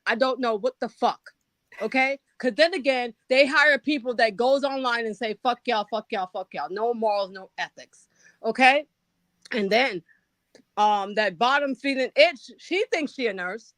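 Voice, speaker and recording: A woman's voice: a little high, measured pace, a bit bright, no echo. An older retired woman, a guest on a livestream, ranting angrily and profanely. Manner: angry, profane, insulting. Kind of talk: heated livestream rant.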